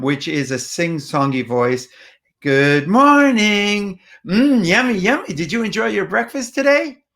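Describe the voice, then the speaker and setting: A man giving a patient, plainspoken explanatory talk on how to speak with upset people and toddlers, often pausing with ums and restarting phrases. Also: medium pitch, fairly bright tone. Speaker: parenting communication speaker.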